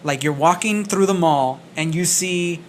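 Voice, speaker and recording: A man co-hosting a podcast, telling stories casually in a small studio, animated and swearing, acting out what people said. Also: fairly high pitch, a little slow, slight background noise. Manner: animated storyteller, swears, acts out quotes. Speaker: podcast co-host. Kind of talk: casual chat.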